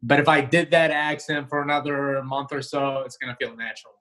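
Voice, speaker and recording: A male comedian talking casually in an interview over a video call, relaxed and rambling with many fillers and restarts. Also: medium pitch, a little fast, poor audio. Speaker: comedian guest. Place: home, remote video call.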